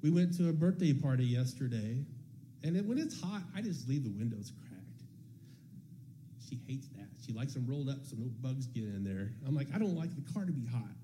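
A man's voice: mid-range voice, normal speed, dark tone, slight background noise. A man sharing a personal testimony in church, telling the story casually and acting out bits of dialogue.

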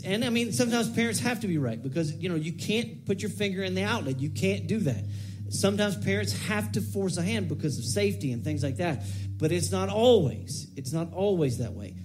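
A man's voice: a little high, a little mellow, a little hiss or hum. A man in his thirties preaching a casual, conversational sermon, often repeating phrases and breaking into whiny acted-out prayers. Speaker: pastor.

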